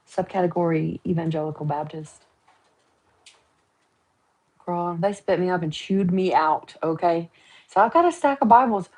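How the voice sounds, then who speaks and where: Husky woman with a lowish voice, playful livestream host, joking and laughing. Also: a little mellow, low-quality recording. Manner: chatty, joking and teasing, often laughing. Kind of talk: casual livestream chat. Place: at home, painting her nails.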